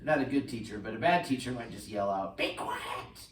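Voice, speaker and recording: A man preaching a sermon as pastor, animated, swinging between loud bursts and hushed lines. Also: medium pitch, fast talker, echoey room, distant mic, slight background noise, rough recording. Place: church sanctuary.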